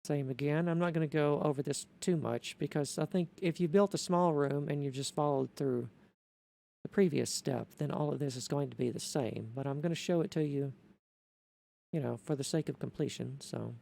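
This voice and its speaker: Gravelly, mellow man explaining a build. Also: fairly high pitch. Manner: methodical, self-correcting, halting. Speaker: building tutorial creator. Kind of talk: unscripted tutorial voice-over.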